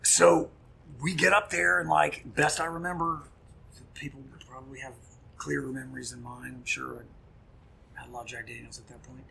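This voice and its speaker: A middle-aged man, a punk musician guest, telling a story in casual chat, animated and profane, acting out quoted dialogue. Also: mid-range voice, normal speed, vocal fry, a little hiss or hum.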